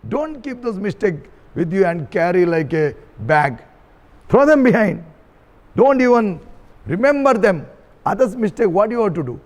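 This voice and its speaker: A man's voice: high voice, sing-song, normal speed. A man, a Catholic priest, giving a sermon in an earnest way and repeating key phrases for emphasis. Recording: reverberant hall.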